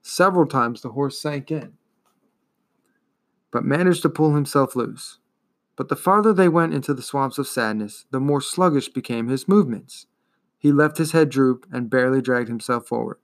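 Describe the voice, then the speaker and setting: A man reading a fantasy novel aloud in a measured, expressive storytelling manner. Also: medium pitch. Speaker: reader.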